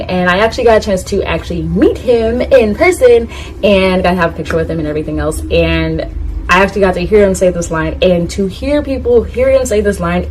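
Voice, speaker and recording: A woman's voice: fairly low pitch, a little mellow, slight background noise, rough recording. A woman vlogging to camera in a casual, rambling way, laughing at herself and talking straight to her viewers. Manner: talks straight to her viewers, asks them to comment. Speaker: YouTuber ranking anime catchphrases.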